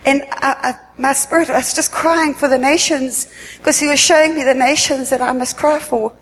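A woman giving an earnest spoken religious testimony at a worship meeting, halting and often repeating herself. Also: high-pitched, steady tone, slight background noise. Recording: echoey hall with long reverb, faint ambience.

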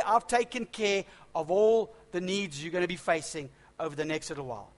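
Man with a notably high voice, middle-aged, preaching an expository sermon with casual asides and jokes. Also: a little fast, hardly any pauses.

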